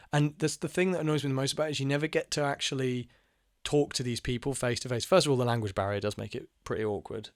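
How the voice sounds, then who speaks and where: A man's voice: medium pitch, fairly even intonation, fast, no room sound, studio quality. A young man telling a personal story in a casual monologue, rambling and frank, with lots of fillers, restarts and swearing. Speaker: channel host telling personal stories.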